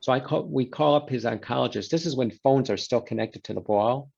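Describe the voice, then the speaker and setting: A man's voice: medium pitch, a little fast, vocal fry, dull audio. A man, a guest in a conversation, telling a story and acting out the quoted exchanges. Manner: animated storyteller who voices quoted exchanges.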